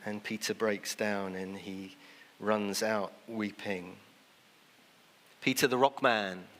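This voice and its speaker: A man's voice: on the low side, fairly even intonation, slow pace, fairly bright tone. A man preaching a sermon in a conversational way, sometimes acting out the people he quotes. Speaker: pastor. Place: church. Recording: long church reverb.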